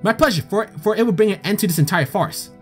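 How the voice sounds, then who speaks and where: A man's voice: sits high, quick pace, close to an everyday voice. Man playing a smug crow reporter in court. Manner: smug, theatrical courtroom delivery. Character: sly female crow reporter acting as courtroom defender. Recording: faint game music behind.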